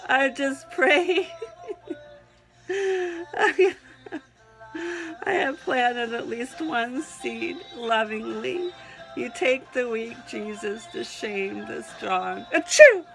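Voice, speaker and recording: A woman with a Southern accent reads her own prayerful poem slowly, in a high voice with a gravelly edge. She keeps breaking off to sneeze and laugh and sounds close to tears. Soft music plays faintly behind her. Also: rough recording. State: teary, on the edge of crying. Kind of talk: prayerful spoken-word poetry reading.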